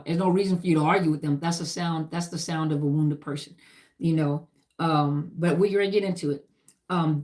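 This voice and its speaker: A woman's voice: low-pitched, a little mellow. A middle-aged woman who served in the army, teaching about trauma in an emphatic, repetitive lecture style full of lists and "you know".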